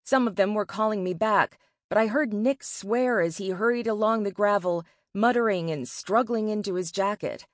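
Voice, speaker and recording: A woman narrating a first-person novel in a measured, expressive way. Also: medium pitch, no echo, studio quality. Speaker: audiobook narrator.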